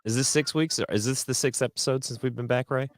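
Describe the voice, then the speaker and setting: A man co-hosting a podcast in casual banter, cracking deadpan jokes and reading chat comments aloud. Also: medium pitch, fast talker, no echo. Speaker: podcast co-host. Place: podcast studio.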